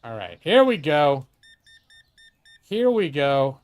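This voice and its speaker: A man's voice: on the high side, very animated, slow pace, long pauses, smooth, no room sound. Middle-aged man, live gameplay commentary, chatty and profane, dry close sound. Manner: chatty, profane, talks to himself and a co-host. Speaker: streamer.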